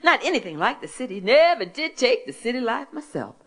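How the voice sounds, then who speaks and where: Casting: woman voicing a kindly old great-uncle, drawling, homespun, raised pitch. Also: big pitch swings, brisk, slightly rough, heavily acted. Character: folksy elderly Southern great-uncle, kindly.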